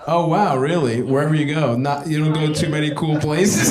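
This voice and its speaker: A male stand-up comedian doing crowd work, loud and profane, teasing the audience and laughing. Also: a little high, steady tone, normal speed, few pauses. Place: comedy club stage with audience. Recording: echoey live club recording with loud ambience.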